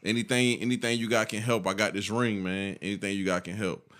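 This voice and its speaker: Bright-voiced young man. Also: fairly low pitch, fairly even intonation, fairly quick. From Augusta area, US South. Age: 20s. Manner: slangy, emphatic storyteller. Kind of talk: casual storytelling chat.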